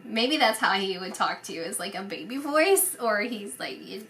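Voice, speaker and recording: A woman's voice: mid-range voice, animated, normal speed, a bit bright. A woman psychic medium giving a casual spoken reading, rambling and hesitant with many fillers.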